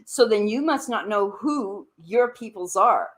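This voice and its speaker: A woman's voice: medium pitch, expressive, a little slow. A woman ranting on a live stream, confronting someone directly, repeating her demands and swearing as her voice jumps up in anger. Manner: confrontational, accusing, repeating questions; swearing, voice jumps up when angry. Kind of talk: heated live-stream rant.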